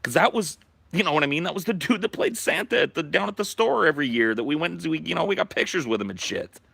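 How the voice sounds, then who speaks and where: Man, podcast host, storytelling, bright forceful tone, dry sound. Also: on the high side, quick pace, creaky, husky, no room sound. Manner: animated, profane, acts out the voices in his story. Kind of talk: storytelling, casual chat.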